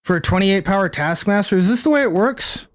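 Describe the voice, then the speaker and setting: A man's voice: sits high, animated, a little fast. A young man streaming a card game, chatting casually, thinking aloud and answering his chat. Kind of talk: casual live-stream commentary.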